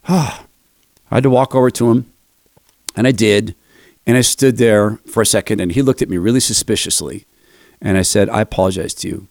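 A man's voice: fairly low pitch, moderate pace, long pauses, a little mellow, no echo, studio quality. An older man hosting a commentary show, telling a self-deprecating story between clips.

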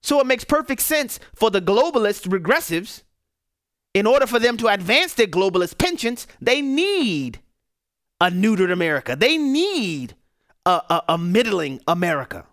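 A man's voice: high voice, lively intonation, a little fast, a bit bright, no echo, studio quality. A man hosting a radio talk show, giving emphatic political commentary and firing off rhetorical questions. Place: radio studio.

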